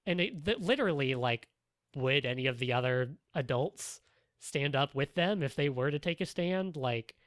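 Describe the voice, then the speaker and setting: A man's voice: mid-range voice, lively intonation, moderate pace, a bit bright, no room sound. A man co-hosting a casual podcast discussion, talking in long rambling sentences full of fillers and restarts. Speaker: podcast co-host.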